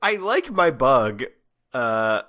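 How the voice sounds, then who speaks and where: Animated bright-voiced man reading aloud. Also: mid-range voice, slow. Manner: animated, laughing reader. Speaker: podcast co-host. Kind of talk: casual chat, reading fan fiction aloud.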